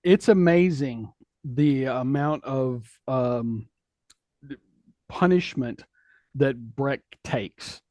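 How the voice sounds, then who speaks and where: A man's voice: medium pitch, very slow, long pauses, a little mellow, no room sound, muffled recording. A man in casual chat, speaking in a thoughtful, hesitant way.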